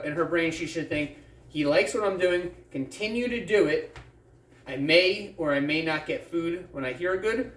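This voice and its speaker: Man, dog trainer, patient plain explanation, slightly high voice, distant mic, echoey space, faint background noise. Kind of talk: instructional explanation during a training session.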